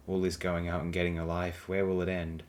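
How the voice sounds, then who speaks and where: A man's voice: deep voice, completely flat delivery, brisk. A man reading blog posts aloud as an audiobook, with a dry, sardonic delivery. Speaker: audiobook reader.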